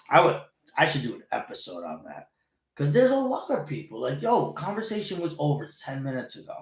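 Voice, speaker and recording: Animated, cursing male chat host. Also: medium pitch. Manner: animated, swearing, rambling. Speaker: show host. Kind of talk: casual solo chat show. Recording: roomy echo.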